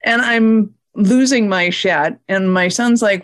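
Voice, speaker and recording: A woman's voice: mid-range voice, a little slow, hardly any pauses. A middle-aged woman co-hosting a casual chat, laughing often and swearing freely. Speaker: podcast co-host.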